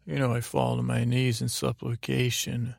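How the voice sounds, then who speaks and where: A man's voice: mid-range voice, completely flat delivery, moderate pace, gravelly, a little mellow, dry recording. A man hosting a podcast, telling a meandering bedtime story full of ums and restarts. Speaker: podcast host.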